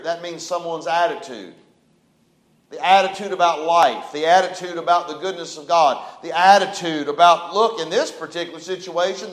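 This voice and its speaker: A man's voice: a little high, reverberant. A man preaching a sermon in an emphatic style, reading scripture and pressing his point. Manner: emphatic, preaching with Bible verses and a short prayer.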